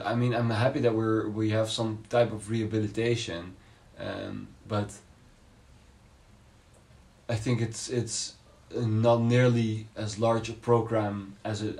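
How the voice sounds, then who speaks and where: A man with a fairly low voice explains his ideas slowly in a casual podcast debate. He pauses often, reaches for words, and restarts his sentences as he thinks aloud. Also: flat delivery, darkish tone. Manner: thoughtful, hesitant, many fillers and restarts. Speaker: podcast co-host.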